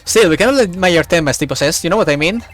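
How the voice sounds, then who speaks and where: A man's voice: high-pitched, animated, quick pace, faint music behind. A man streaming a game live, chatting loosely and tripping over his words as he reads along. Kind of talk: live game playthrough with read-aloud dialogue.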